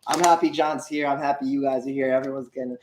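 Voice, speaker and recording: A man's voice: mid-range voice, flat delivery, quick pace, noisy background. A man co-hosting a casual livestream, upbeat and rambling as he greets viewers and reads the chat. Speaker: livestream co-host. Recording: echoey room.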